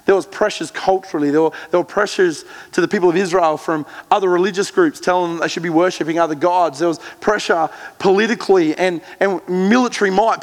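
Earnest preaching man in a reverberant hall. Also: high-pitched. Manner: earnest, emphatic storytelling with slow, measured scripture reading. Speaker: pastor. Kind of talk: sermon.

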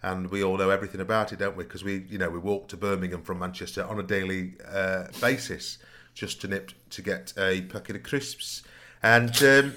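A man's voice: low-pitched, fairly even intonation, brisk, bright, forceful tone. A man, co-hosting a casual podcast chat, joking and teasing with bursts of laughter. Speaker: podcast co-host.

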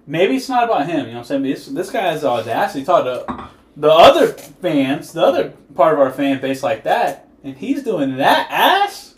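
A man's voice: fairly high pitch, big pitch swings, moderate pace, echoey room. A man co-hosting a casual sports podcast, talking loosely and profanely and laughing often. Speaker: podcast co-host.

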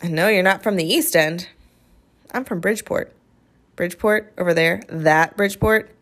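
A woman reading aloud, voicing a wary, sharp-tongued schoolgirl who talks skeptically and brusquely. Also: fairly low pitch, moderate pace.

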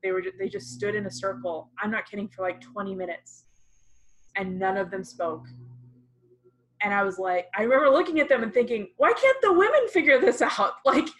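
A woman's voice: mid-range voice, fairly quick, low-quality recording. A woman in casual conversation, telling a personal story earnestly and with animation, using plenty of fillers.

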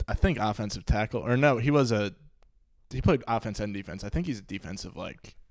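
A young man joins a podcast as a guest and talks casually. He speaks in a relaxed way, gives brief replies, and laughs easily. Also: fairly low pitch, no room sound. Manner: laid-back, quick to laugh, short replies. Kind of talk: casual chat.

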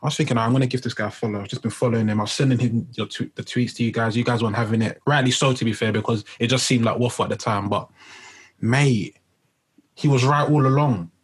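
Male podcast co-host, husky mid-range voice, excited slangy chatter. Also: mid-range voice, quick pace, rough recording. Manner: excited, chatty, lots of fillers like "man" and "I can't lie". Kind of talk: casual football podcast chat.

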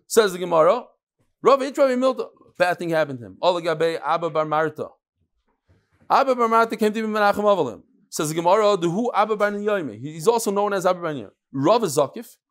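Guy with a high voice giving a talmud class, animated, acts out the back and forth. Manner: lively, explains in plain talk and acts out the dialogue; peppers English with Hebrew and Yiddish study terms. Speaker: Talmud teacher.

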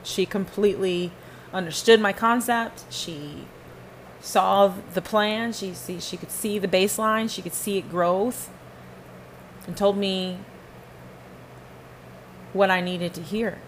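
A woman's voice: mid-range voice, steady tone, takes it slowly, pauses often, slight background noise, poor audio. A woman hosting a podcast, giving a fervent, emphatic spoken testimony and repeating phrases for stress. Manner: talks to listeners and to God in turn. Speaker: podcast host.

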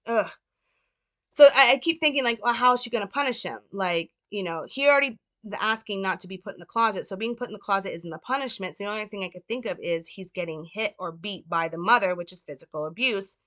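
A woman giving a casual, earnest film analysis, talking with lots of fillers and quick self-corrections. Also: mid-range voice, pushed and bright. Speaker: film commentator.

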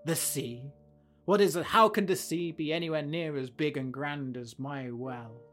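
A man's voice: fairly high pitch, unhurried, a bit bright, soft background music. A man voicing a proud, suspicious male frog who rules a well, speaking indignantly and grandly.

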